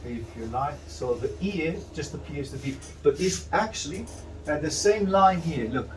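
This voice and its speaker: A man's voice: on the high side, lively intonation, moderate pace, distant mic, music in the background, low-quality recording. A man teaching a drawing demonstration, talking through each step and correcting himself as he goes. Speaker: art instructor.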